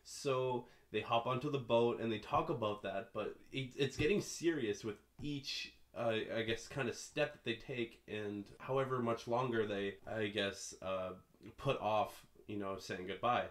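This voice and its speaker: A young man hosting a casual podcast chat, relaxed and rambling, with lots of fillers. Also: mid-range voice, measured pace. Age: young adult. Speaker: podcast host.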